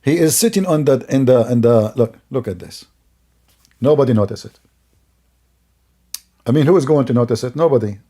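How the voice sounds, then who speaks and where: A man's voice: medium pitch, expressive, moderate pace, long pauses, dark tone. A man giving sarcastic, scornful commentary on a video, laughing often as he mocks it.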